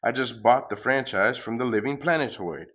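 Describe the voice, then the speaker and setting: A man voicing a pompous cosmic salesman giant who makes grandiose, drawn-out proclamations while reading a parody comic aloud. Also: mid-range voice, fairly bright tone, lo-fi sound, natural voice.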